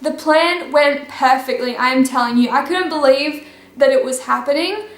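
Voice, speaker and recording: A woman vlogger chatting through a storytime in a lively, animated way, with a laugh now and then. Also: high-pitched, normal speed, echoey room. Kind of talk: casual storytime.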